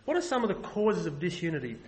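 High-voiced man preaching a sermon. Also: big pitch swings, quick pace, darkish tone, a little hiss or hum, poor audio. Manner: earnest, emphatic, with frequent restarts.

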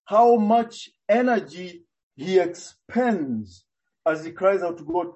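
A man preaching a sermon, expounding earnestly and deliberately, with frequent hesitations. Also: high-pitched, lively intonation, a little mellow, highs cut off.

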